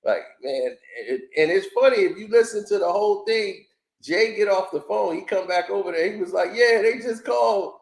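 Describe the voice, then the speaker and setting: Animated man telling stories in an echoey room. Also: sits high, brisk, creaky. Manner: animated storytelling, acts out quotes, laughs often. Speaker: commentator reacting to an interview. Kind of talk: casual commentary.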